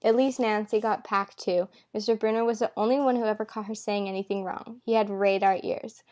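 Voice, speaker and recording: At home, an amateur reader relaxes into a casual read-aloud of a novel, her voice medium-pitched and brisk. She trips on words, backs up to reread them and adds asides, delivering the characters' dialogue in her plain voice.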